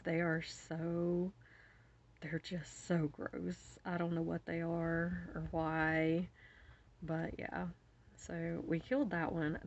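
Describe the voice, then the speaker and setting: Middle-aged craft vlogger, woman, lowish voice, animated and giggly storyteller, slightly muffled home recording. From West Virginia. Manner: animated storyteller, laughs often, acts out her own shrieks. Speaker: jewelry-making video host. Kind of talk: casual chatty storytelling while beading. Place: home bead room.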